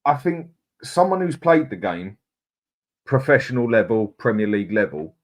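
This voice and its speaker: A man co-hosting a casual football podcast, giving his opinion in a measured, slightly hesitant way. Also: mid-range voice, big pitch swings. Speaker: podcast co-host.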